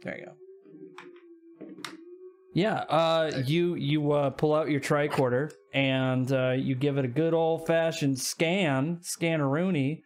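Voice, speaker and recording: A man's voice: a little high, fairly even intonation, slow pace, faint music behind. A man running a casual tabletop game as game master, narrating loosely with lots of fillers and jokes. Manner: loose, joking, many fillers.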